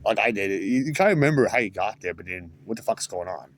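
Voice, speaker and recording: A man's voice: on the low side, animated, fast talker. Rambling, cursing man telling a story. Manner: rambling, restarts and swears. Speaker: vlogger.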